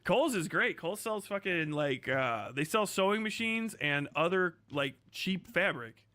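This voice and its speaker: A man's voice: high-pitched, animated, measured pace, bright, forceful tone, dry recording. A man streaming casual commentary, crude and sarcastic, rambling and swearing often.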